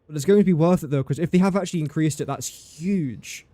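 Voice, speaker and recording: A man's voice: fairly high pitch, quick pace, warm tone, dry recording. A man streaming live gameplay commentary, thinking aloud in a chatty way, talking to his game and to viewers in chat.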